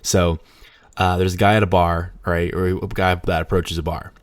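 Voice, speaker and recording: A man's voice: deep voice, flat delivery, normal speed, dry recording. A man co-hosting a podcast in casual chat, playful and swearing freely. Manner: playful, swears freely, acts out joke voices. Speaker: podcast co-host.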